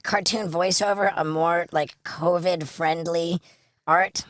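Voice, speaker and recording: A man's voice: a little high, steady tone, takes it slowly, fairly bright tone, dry recording. Brash, swearing male podcast host. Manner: profane, brash, joking. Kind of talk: casual podcast interview.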